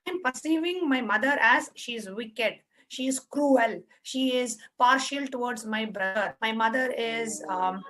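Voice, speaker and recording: Woman facilitator with a high voice; patient, repetitive, step-by-step guidance for an online workshop. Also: measured pace, hardly any pauses, fairly bright tone, poor audio. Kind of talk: guiding an online spiritual workshop.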